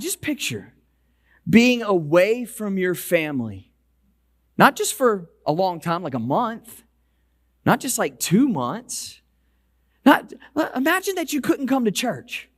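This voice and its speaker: Male pastor, high voice, dry close sound, conversational sermon that slows for emphasis. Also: big pitch swings, dry recording. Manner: conversational preaching with repeated restarts. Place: church sanctuary.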